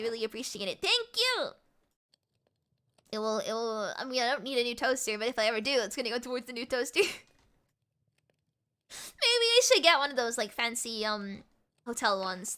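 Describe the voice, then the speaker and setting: A young woman streaming and chatting with viewers, talking fast and giggling, with a mixed American and British accent. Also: high voice, sing-song, bright, forceful tone, clear, resonant tone. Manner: rapid, giggly, repeats words. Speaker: VTuber streamer. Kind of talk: casual live-stream chat with viewers.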